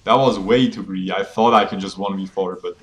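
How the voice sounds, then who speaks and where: Laid-back low-voiced male game streamer. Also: fairly even intonation, a little fast. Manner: laid-back, chatty, laughs often, reads chat aloud. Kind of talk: casual live-stream chat with viewers. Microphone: phone game audio with voice mic.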